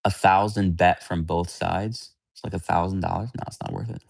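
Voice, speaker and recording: Fielding viewer questions during a live stream, this male host keeps the chat loose and candid, rambling bluntly between points. He has a fairly low voice with vocal fry, a steady tone, and a moderate pace. The recording is close and dry, with almost no surrounding room.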